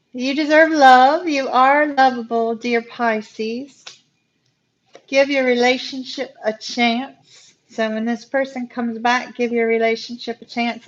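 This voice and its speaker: A woman giving a live-stream tarot reading, talking to viewers warmly and getting emotional. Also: on the high side, dull audio. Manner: emotional, talks to viewers as "y'all". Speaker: tarot reader.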